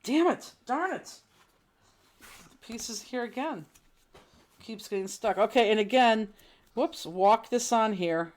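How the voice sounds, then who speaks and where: A woman's voice: fairly high pitch, lively intonation, slow, long pauses. Chatty woman hosting a live craft class. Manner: chatty, laughs often, thinks aloud while working. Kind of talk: casual live-stream chat while crafting.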